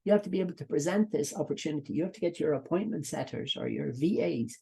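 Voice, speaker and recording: Dublin Irish accent, middle-aged, business coaching trainer, live online session, rambling and repetitive, gravelly, slightly husky. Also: mid-range voice, lively intonation, fast, warm tone. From Ireland. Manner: rambling, repetitive, breaks off into asides.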